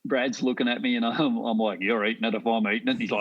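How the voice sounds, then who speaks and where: A man's voice: medium pitch, steady tone, fast talker, lo-fi sound. A middle-aged Australian man chatting as a podcast guest, rambling through anecdotes and laughing often. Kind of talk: casual storytelling chat.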